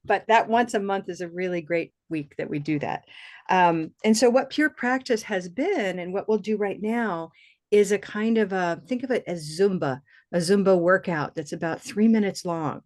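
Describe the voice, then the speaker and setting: A woman teaching pronunciation on a video call, relaxed and chatty, leading repetition drills. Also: mid-range voice, normal speed. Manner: relaxed, chatty, laughs easily.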